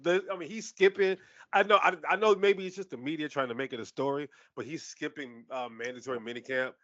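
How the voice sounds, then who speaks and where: Sports pod dude, cussing and laughing a lot, kinda high voice, dull lo-fi mic. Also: male voice, fairly quick, dry recording. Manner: animated, profane, laughs often. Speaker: podcast co-host. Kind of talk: casual sports chat.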